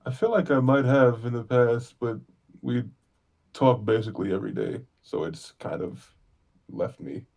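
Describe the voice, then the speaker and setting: A man playing a grieving adventurer who speaks haltingly, searching for words. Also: mid-range voice, animated, gravelly, a little mellow. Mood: troubled. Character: grieving young adventurer haunted by a lost friend.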